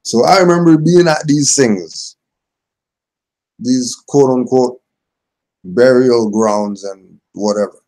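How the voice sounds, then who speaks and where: A man's voice: mid-range voice, takes it slowly, pauses often, dark tone. A man giving a casual religious teaching, reading passages aloud and then explaining them in everyday speech. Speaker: spiritual teacher.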